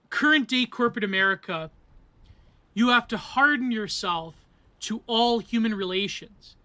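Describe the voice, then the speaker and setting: A man gives a loose, chatty film analysis, wandering off into tangents and asides before finding his way back. His voice sits high for a man and sounds bright and forward. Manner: rambling, digressive, with asides and acted quotes. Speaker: film reviewer. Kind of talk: casual film analysis monologue.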